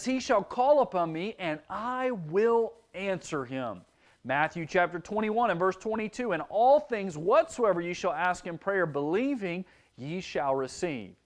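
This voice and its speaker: A young man preaching to kids with a high, bright pitch that swings widely up and down. He speaks in an animated, expressive way and slips into children's voices as he teaches. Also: a little slow. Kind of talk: children's sermon.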